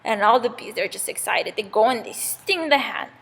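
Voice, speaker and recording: A young woman tells a fable in a loose, casual way. Her voice is raspy with some fry and swings widely in pitch. It echoes with long reverb in a hall. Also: moderate pace. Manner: casual, animated retelling with fillers. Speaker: student storyteller. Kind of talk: oral storytelling of a fable.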